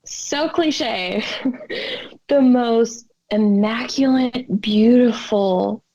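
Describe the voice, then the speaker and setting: Podcast guest, woman, slow emotional storyteller, voices her own quotes, dull lo-fi sound. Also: a little high, warm tone. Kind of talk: personal story in a podcast interview.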